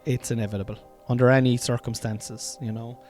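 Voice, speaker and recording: A man's voice: mid-range voice, flat delivery, a little fast, darkish tone, faint music behind. An Irish man hosting a podcast in a room at home. He talks in a rambling, casual comedic monologue, swears freely and calls his listeners lads. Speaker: podcast host.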